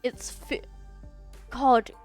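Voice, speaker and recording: Faint game music runs behind a young woman who chats casually while reading game dialogue aloud on stream. She has a darkish tone and draws out her words, and when she stumbles over long words she laughs at herself.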